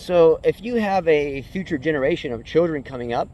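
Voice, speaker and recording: A man's voice: fairly high pitch, animated, a little fast, darkish tone. A man talking in a rambling, earnest way while walking uphill outdoors, a bit out of breath. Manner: rambling, earnest, with fillers and restarts. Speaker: tennis vlogger. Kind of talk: casual vlog monologue. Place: outdoors on a hill.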